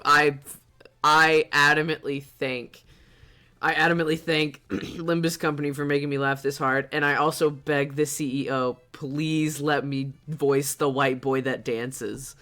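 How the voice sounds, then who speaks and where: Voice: medium pitch, fairly bright tone, clean tone. A gaming streamer commenting on a game while laughing so hard they are in tears, breathless and swearing. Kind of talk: let's play commentary.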